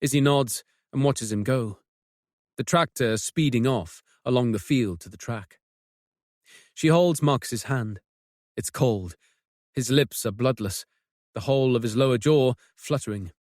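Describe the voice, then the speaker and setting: A man narrating a mystery audiobook with measured, tense storytelling. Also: medium pitch, a little mellow, no echo, studio quality. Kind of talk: scripted narration.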